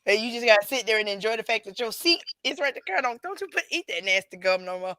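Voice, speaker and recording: A woman co-hosting a podcast in casual chat, playful and animated, often laughing. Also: on the high side, quick pace, no echo. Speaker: podcast co-host.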